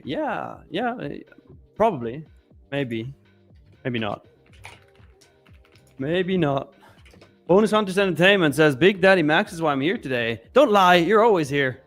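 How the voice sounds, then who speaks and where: A man's voice: fairly high pitch, expressive, a little slow, pauses often, soft background music. A man co-hosting a live trading stream in casual chat, joking, laughing often and reading chat messages aloud. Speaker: co-host of live trading show.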